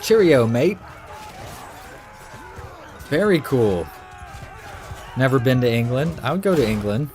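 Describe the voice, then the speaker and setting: A man's voice: medium pitch, normal speed, pauses often, faint music behind. An American man streaming a game, chatting casually and rambling with his live viewers. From United States. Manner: rambling, easygoing, chatty with many fillers. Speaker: gaming streamer. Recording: steady background noise.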